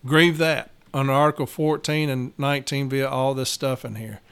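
A man's voice: medium pitch, steady tone, moderate pace, a bit bright, clear, resonant tone. A man, a union steward talking blunt and profane in a casual podcast monologue, getting fired up.

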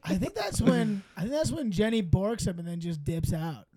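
A man's voice: high voice, sing-song, moderate pace, warm tone, slightly rough, dry recording. A man co-hosting a podcast, bantering casually and joking with restarts and laughs. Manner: jokey, laughing, restarts a lot. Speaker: podcast co-host.

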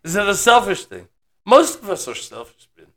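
A man's voice: high voice, big pitch swings, normal speed, sharp tone. A man co-hosting a casual chat, musing philosophically and laughing easily. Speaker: podcast co-host. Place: Texas.

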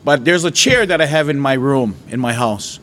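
Man, mid-pitched, earnest storyteller sharing a faith testimony. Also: animated, moderate pace, a bit bright, a little hiss or hum. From Hawaii.

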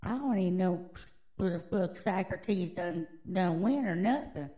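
A woman's voice: on the low side, animated, unhurried, mellow, poor audio. A woman hosting a podcast alone, delivering a crude, rambling, mock-conspiratorial monologue full of swearing. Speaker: podcast host.

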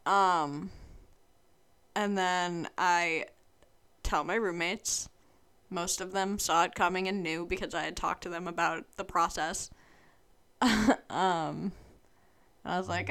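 Bright, clear-voiced young woman rambling. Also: on the low side, fairly even intonation, takes it slowly, long pauses. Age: about 20. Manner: chatty and rambling, with many fillers. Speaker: vlogger. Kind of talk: casual personal storytelling.

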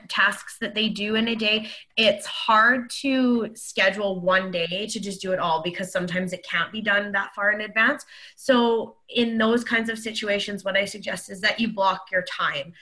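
A woman's voice: mid-range voice, sharp tone. A woman on a podcast panel giving productivity advice, thoughtful and coaching in tone with frequent ums. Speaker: panel guest.

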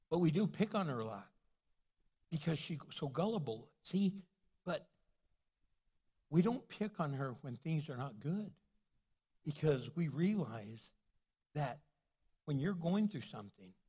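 A man's voice: fairly high pitch, darkish tone, breathy edge. An older male pastor preaching a sermon, telling a funny family story with playful asides and laughter. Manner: storytelling, playful, laughs at his own jokes.

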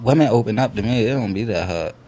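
A man's voice: on the low side, animated, fast talker, warm tone. A man who is a podcast guest, talking bluntly and joking in casual chat.

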